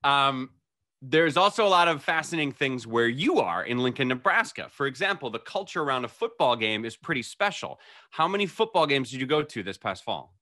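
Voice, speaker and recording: A man interviews an athlete in a light, teasing manner. His voice is bright and forward, and it rises and falls freely as he jokes. His pitch sits in the middle for a man. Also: big pitch swings, brisk. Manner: playful, teasing. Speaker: sports network interviewer. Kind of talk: casual interview.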